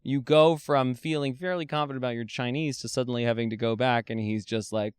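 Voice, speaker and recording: A man hosting a podcast, telling stories in a lively, chatty way and laughing often. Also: mid-range voice, brisk, clear, resonant tone, dry recording, studio quality. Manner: animated storyteller, laughs often. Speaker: podcast host. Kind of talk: casual conversation.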